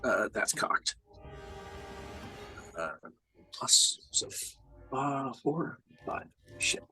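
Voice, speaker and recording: A man's voice: mid-range voice, animated, drawn-out words, pushed and bright, soft background music. A man playing a tabletop game, talking casually and hesitantly with frequent ums. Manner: casual, hesitant, many ums, laughs easily. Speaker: player.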